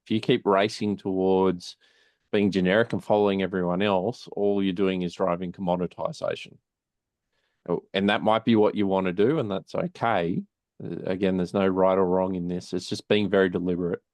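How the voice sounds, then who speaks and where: A man speaking as a panelist on a video call, giving advice in a measured, deliberate way. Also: deep voice, fairly even intonation, a little mellow, no echo. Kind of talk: casual panel discussion.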